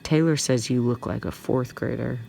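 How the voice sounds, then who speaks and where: A woman's voice: extremely low pitch, moderate pace, vocal fry, mellow, full character voice. A woman voicing a snide, mocking young girl bully in a storybook reading. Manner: sneering, mocking. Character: snide mean-girl seventh grader, bully.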